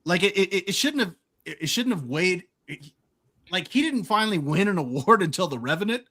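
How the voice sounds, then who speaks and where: A man co-hosting a podcast in casual chat, animated and laughing often as he retells movie scenes. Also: sits high, a little fast. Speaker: podcast co-host.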